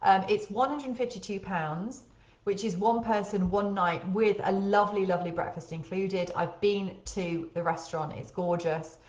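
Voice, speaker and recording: A woman's voice: mid-range voice, steady tone, normal speed, darkish tone, highs cut off. A woman with a light Birmingham accent hosting a casual live webinar, chatty and full of ums. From Birmingham, England. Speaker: host. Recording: echoey room.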